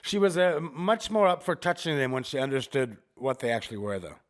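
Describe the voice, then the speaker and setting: A man co-hosting a podcast in casual chat, telling animated, joking stories while recovering from chemotherapy. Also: medium pitch, a little fast. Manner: animated storytelling, jokey. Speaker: podcast co-host.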